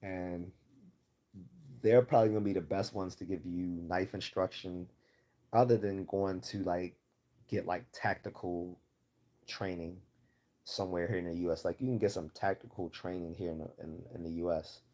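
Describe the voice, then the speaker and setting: Low, mellow Baltimore man. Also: fairly even intonation, normal speed. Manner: rambling, many fillers and restarts. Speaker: livestream host. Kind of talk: casual livestream Q&A.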